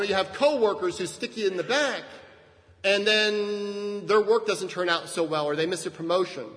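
High-voiced male preacher in reverberant hall. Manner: conversational, frequent "right?" asides, lively shifts in emphasis. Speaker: pastor. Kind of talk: sermon. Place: church sanctuary. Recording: long reverb of a church hall.

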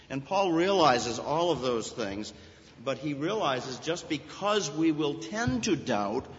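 A man's voice: medium pitch, fairly bright tone. A man preaching a sermon as pastor, explaining scripture earnestly and pressing his key points with rising emphasis. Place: church sanctuary. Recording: dull sound with long church reverb.

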